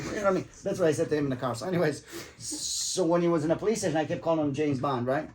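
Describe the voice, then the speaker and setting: Man telling a story, slightly high voice. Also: racing. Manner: animated, swears freely, acts out quotes with laughs. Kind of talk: casual storytelling.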